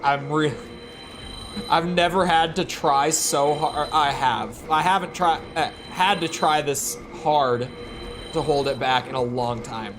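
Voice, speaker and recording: A man's voice: a little high, slow, over music. A man giving rambling live gameplay commentary, chatting to viewers and correcting himself as he goes. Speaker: streamer.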